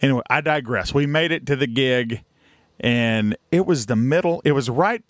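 A man's voice: mid-range voice, normal speed, no echo, studio quality. A man, co-hosting a podcast and telling a rambling road story in a folksy, casual way. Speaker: podcast co-host.

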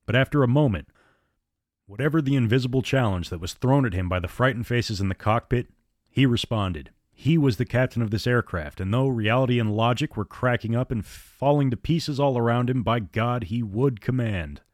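A man narrating a suspense story in a measured, dramatic audiobook reading. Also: mid-range voice, no room sound, studio quality.

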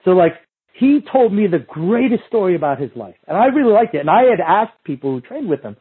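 A man, a movement coach, telling a casual story in an animated, profane way and acting out what other people said. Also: high-pitched, brisk, breathy edge, phone-quality sound.

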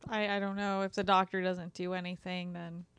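A woman in casual conversation giving frank advice, chatty and quick to laugh. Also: fairly low pitch, level tone, fairly bright tone, clear, resonant tone, no echo.

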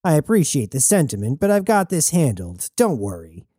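A man's voice: a little high, very animated, moderate pace, mellow, dry recording, studio quality, pitched above the performer's own voice. A man voicing a brash, mocking female crew boss in an audiobook reading. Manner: taunting, teasing.

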